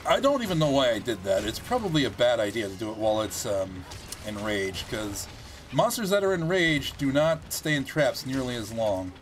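A man giving casual gameplay commentary, chatty and thinking aloud as he plays, with animated reactions. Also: medium pitch, normal speed, a little hiss or hum.

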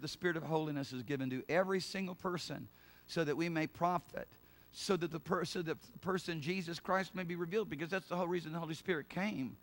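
Preaching with a slightly high voice, this man repeats his points throughout the sermon, laughing and calling out hallelujah. At times he climbs into loud, impassioned shouts of prayer.

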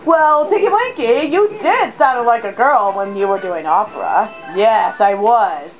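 A woman giving jumpy, excitable commentary while playing a video game. She exclaims a lot and talks to the character on screen. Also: fairly high pitch, unhurried. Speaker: let's play gamer. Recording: dull lo-fi recording with game music.

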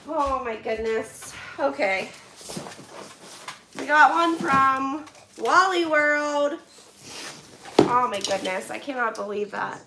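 In an echoey home kitchen with clear background noise, a young Western Pennsylvania woman livestreams herself opening viewer donations, her high-pitched, expressive voice effusive and full of frequent laughter.

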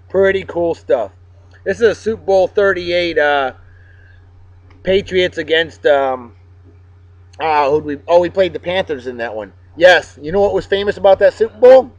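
Man, vlog host, upbeat, joking, high voice, muffled dry sound. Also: dry recording. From Massachusetts. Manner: upbeat, joking, giving shout-outs. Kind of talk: casual chat.

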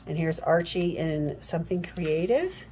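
A woman's voice: fairly low pitch, animated, a little slow, a little mellow, a little hiss or hum. A woman reading a comic book aloud in a casual, amused way, adding chatty asides between panels.

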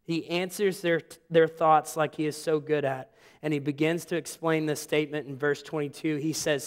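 A man's voice: a little high, fairly even intonation, normal speed. A man, preaching a sermon with folksy joking asides. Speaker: pastor. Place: church sanctuary. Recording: long hall reverb.

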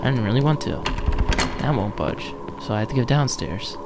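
A man's voice: mid-range voice, animated, normal speed, heavy background noise. A young man commentating a horror game, jumpy, joking and swearing as he plays. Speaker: let's play gamer.

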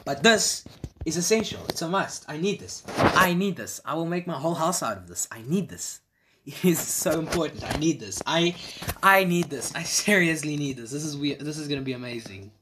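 A man giving casual, excitable reaction commentary as a video creator, repeating his exclamations and laughing often. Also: on the high side, fairly quick, background noise. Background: faint background music.

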